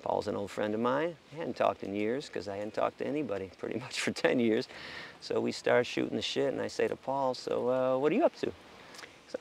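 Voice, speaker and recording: Gravelly, animated middle-aged American man. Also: medium pitch, fairly quick, a little hiss or hum. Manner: animated, profane, acts out quotes. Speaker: interview guest, animal rights activist. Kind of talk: casual storytelling interview.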